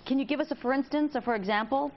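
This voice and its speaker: A woman's voice: high voice, racing. A woman hosting a TV talk show, asking chatty, jokey questions. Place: TV studio. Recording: slightly dull TV audio with faint hiss.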